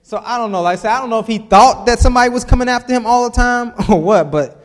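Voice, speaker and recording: A man's voice: extremely high pitch, brisk, big-room sound. A man preaching a casual sermon, reading scripture aloud and adding chuckling, conversational asides.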